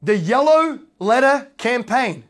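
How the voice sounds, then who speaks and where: A man's voice: very high-pitched, big pitch swings, takes it slowly. An Australian man giving a casual slideshow presentation on real estate as an investor and brokerage owner, rambling, with lots of fillers and tag questions.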